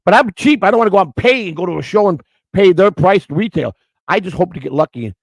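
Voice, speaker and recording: A man's voice: sits high, expressive, fast talker, dry recording, rough recording. A middle-aged man hosting, telling rambling stories in a casual, outspoken way with many restarts. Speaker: host. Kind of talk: casual storytelling on camera.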